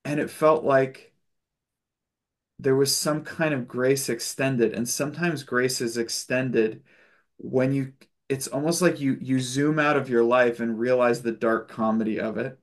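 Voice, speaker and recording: Leading a spiritual discussion group on a video call, this man speaks in a steady, mid-range voice at a measured pace. His storytelling is loose and conversational, with frequent fillers, self-corrections, and the odd chuckle.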